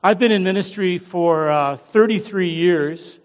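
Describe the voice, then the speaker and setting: A middle-aged American man preaching as a guest pastor, humble and halting, with many fillers. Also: high-pitched. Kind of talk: sermon. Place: large church hall. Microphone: handheld or headset mic. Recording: long church hall reverb.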